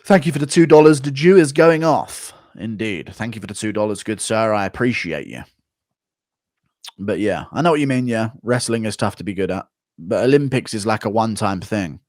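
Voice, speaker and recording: A man's voice: lowish voice, animated, darkish tone, no echo, clean studio sound. A young man hosting a livestream, chatting casually, reading out donations and swearing freely as he rants. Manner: profane, ranting, quick to flare up. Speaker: livestream host.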